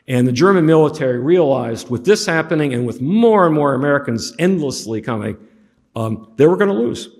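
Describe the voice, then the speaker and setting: A man's voice: fairly high pitch, animated, brisk, a little mellow. Man lecturing in a reverberant hall. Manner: conversational with humorous asides. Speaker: history teacher. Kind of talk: classroom lecture with slides.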